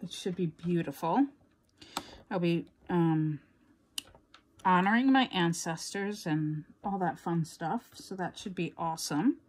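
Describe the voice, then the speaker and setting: A woman's voice: fairly low pitch, measured pace. A woman with a New York accent chatting casually to viewers as a crafting vlogger, rambling and laughing often.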